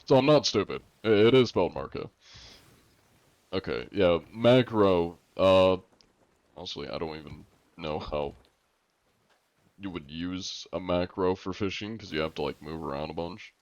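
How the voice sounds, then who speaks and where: A man's voice: low-pitched, unhurried, long pauses, darkish tone, no echo. A man chatting casually on a live game stream, in a laid-back, joking way, reacting to chat, heard through dull lo-fi audio.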